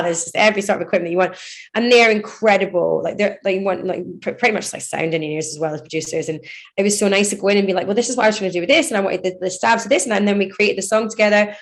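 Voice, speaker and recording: Woman, thirties, DJ guest in an interview; loose, rambling and quick to laugh. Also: mid-range voice. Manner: chatty, rambling, laughs often, many "like" fillers. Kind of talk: casual interview chat.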